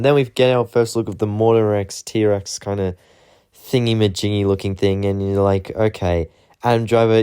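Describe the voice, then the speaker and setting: A low-pitched man with a warm, relaxed tone talks through a film recap in an offhand, rambling way. His voice is smooth and clean, and he fills his sentences with casual fillers. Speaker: movie reviewer.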